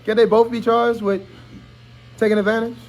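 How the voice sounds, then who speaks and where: A man's voice: high-pitched, little pitch movement, moderate pace, a little hiss or hum. A man hosting a casual livestream from a barbershop, chatting and reading out viewers' comments. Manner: talkative, reads out chat comments. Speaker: livestream host.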